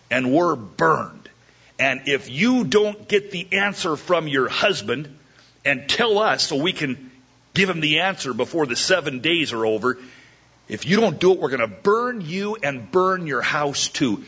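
Animated man preaching a sermon. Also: fairly high pitch, husky, dull audio. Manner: animated, jokey, acts out the characters' lines. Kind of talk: verse-by-verse sermon.

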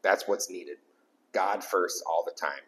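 A pastor preaching an emphatic sermon to a small congregation, repeating key lines for weight. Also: male voice, low-pitched, slow pace, a bit bright, poor audio. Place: small church gathering.

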